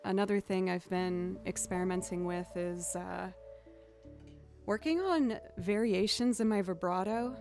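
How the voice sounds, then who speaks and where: A woman's voice: medium pitch, unhurried, darkish tone, faint music behind. A young adult woman hosting a casual livestream as a violinist, chatty and laughing often as she thanks viewers.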